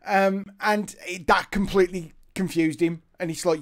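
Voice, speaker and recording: A man's voice: sits high, normal speed. A man telling a funny story in casual chat, acting out quotes and laughing as he goes. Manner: animated, laughing anecdote-teller who acts out quotes. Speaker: podcast co-host.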